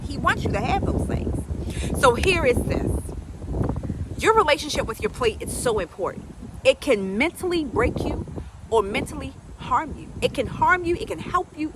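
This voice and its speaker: Lively high-voiced woman coach, street noise. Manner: animated, folksy, emphatic, preachy. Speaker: health coach. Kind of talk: casual storytelling to camera.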